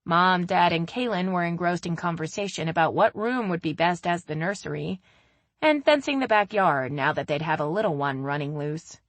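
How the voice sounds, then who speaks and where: A woman reading a first-person romance audiobook in a steady, even way. Her voice sits on the low side, and the recording is close and dry with no room sound. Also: normal speed, no echo. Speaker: audiobook narrator.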